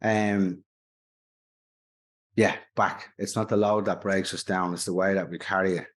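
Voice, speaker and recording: An Irish man hosts a relaxed podcast interview with a somewhat low voice. He backs his guest with quick affirmations and speaks loosely, dropping in the odd swear. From Ireland. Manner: encouraging, brief affirmations, swears casually. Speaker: podcast host. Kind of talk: casual interview chat.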